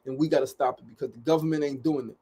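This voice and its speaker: A man's voice: mid-range voice, steady tone, rapid-fire, dark tone, breathy edge. A man hosting a daily live show, talking in an urgent, pleading way to his viewers, swearing often and repeating phrases for emphasis. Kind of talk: impassioned livestream monologue. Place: studio.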